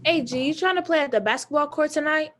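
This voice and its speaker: Girl doing a cocky teen boy, pitched up high, loud trash talk. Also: fast talker, soft background music, close to an everyday voice. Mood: teasing. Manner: teasing slang banter. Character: joking teenage boy Lamar, friend of Jamal.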